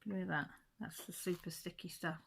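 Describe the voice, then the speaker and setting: A woman's voice: on the low side, steady tone, normal speed, vocal fry, heavy background noise. A woman in her forties chatting casually while she works on a craft project, rambling and correcting herself mid-sentence. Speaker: crafting channel host.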